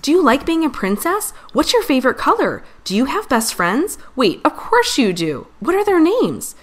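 A woman voicing an excitable tiny girl mouse in a storybook reading, gushing and squealing. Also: fairly low pitch, normal speed. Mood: excited.

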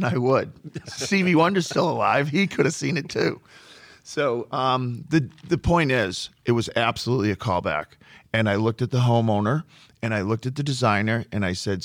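A man who runs a flooring business tells work stories in a relaxed conversation, often repeating a word while he gathers his thoughts. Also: medium pitch, no room sound. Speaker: flooring contractor. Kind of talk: storytelling in a podcast conversation.

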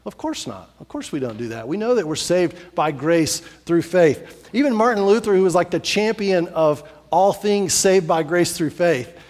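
A pastor preaching to his congregation, his voice a little higher than most men's. He tells the story with animated repetition, stacking phrase upon phrase. The sound rings with the long reverb of a church hall. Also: normal speed, few pauses. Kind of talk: sermon.

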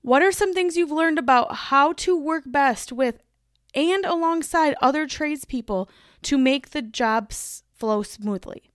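A woman's voice: high-pitched, a little slow, no echo, studio quality. A woman hosting her own podcast in a chatty, emphatic solo monologue, laughing easily as she talks. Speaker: podcast host.

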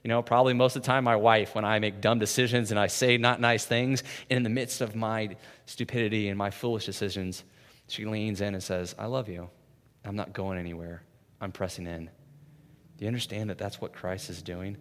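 A man preaching a sermon in a conversational way, often adding "right?" and swinging from hushed, soft passages to loud, intense ones. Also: on the low side, flat delivery, brisk. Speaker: pastor. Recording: long reverb of a large hall.

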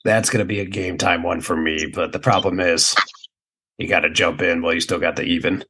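A man's voice: low-pitched, fairly even intonation, brisk, pushed and bright, husky. A man co-hosting a casual sports betting podcast, laid-back and profane. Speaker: podcast co-host.

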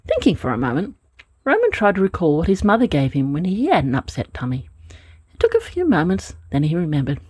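A woman reads a storybook in a gentle, expressive way, her voice low and swinging widely up and down. The sound is husky and dry, close to the microphone. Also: a little fast, no echo. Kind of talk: storybook reading.

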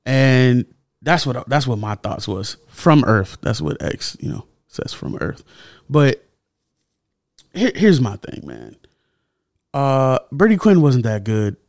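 A young man hosts a solo podcast, sounding heated and indignant as his mid-pitched voice leaps up when he gets worked up. The recording is dry and close, with no room sound. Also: slow, vocal fry, long pauses, no room sound. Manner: animated, indignant, rises sharply when heated. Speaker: podcast host. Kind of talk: casual solo commentary.

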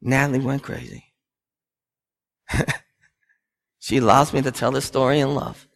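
A man in his thirties, a pastor preaching a sermon and telling family stories with lively acted-out dialogue. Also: on the high side, a little slow, vocal fry, pauses often. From United States. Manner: storytelling, animated, acts out family scenes.

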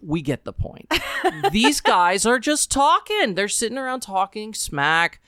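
A woman's voice: mid-range voice, sing-song, measured pace, bright, forceful tone, dry recording, studio quality. A woman, a journalist, co-hosting a book podcast in a chatty, emphatic way. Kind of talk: casual book discussion and reading aloud.

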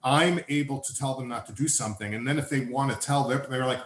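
A man hosting a casual interview, chatting in an animated way and acting out the people he quotes. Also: mid-range voice, fast, a little hiss or hum. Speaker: podcast host, lawyer and agent. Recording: echoey room with faint ambience.

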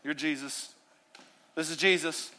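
A male pastor preaching with a high, bright voice. He moves between forceful, emphatic declarations and quiet, leaning-in asides. His delivery is animated and conversational. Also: a little slow, a little hiss or hum. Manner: animated preaching, swings from loud to hushed. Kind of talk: sermon.

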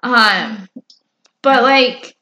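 A woman's voice: on the high side, extremely slow, pushed and bright. A woman casually recapping a story in a rambling, chatty way with lots of fillers. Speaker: podcast co-host recapping episodes. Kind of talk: casual chat.

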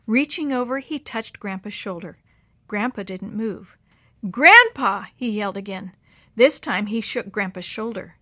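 A woman narrating a chapter book for children in a warm, expressive, slow and clear way. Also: mid-range voice, dry recording, clean studio sound. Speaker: children's storyteller.

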